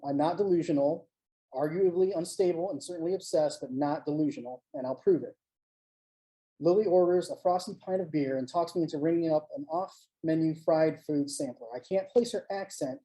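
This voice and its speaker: Author reading their story out on a live stream, super warm dark tone, steady and even. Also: mid-range voice, moderate pace, poor audio. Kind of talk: live reading of a first-person short story. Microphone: home mic on a live online stream.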